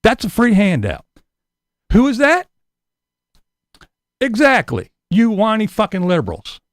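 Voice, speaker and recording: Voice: medium pitch, huge pitch swings, measured pace, dry recording, studio quality. A vlogger delivering a profane, combative, sarcastic rant to the camera. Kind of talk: angry ranting monologue.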